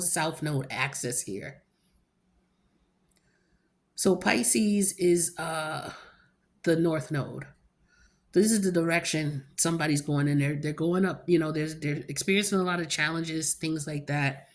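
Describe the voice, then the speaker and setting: Blunt, slangy woman giving a tarot reading. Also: deep voice. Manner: chatty and blunt, loose slang and frequent cursing. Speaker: tarot card reader. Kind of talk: casual tarot reading to camera.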